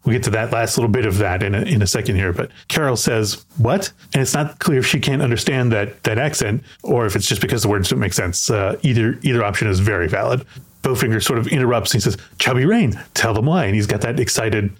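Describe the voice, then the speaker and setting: A man's voice: lowish voice, fast talker. A man hosting a podcast, chatting casually about a film and often repeating words as he thinks aloud. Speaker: podcast host.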